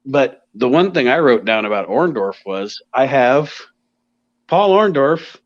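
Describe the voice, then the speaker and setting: A man's voice: mid-range voice, big pitch swings, unhurried, lo-fi sound. A man in casual podcast chat who hesitates and restarts his sentences.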